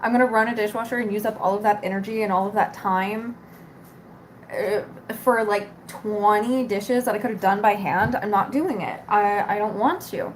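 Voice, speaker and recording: A woman's voice: medium pitch, normal speed, slight background noise. A young woman vlogger ranting casually to camera, exasperated, swearing and rambling.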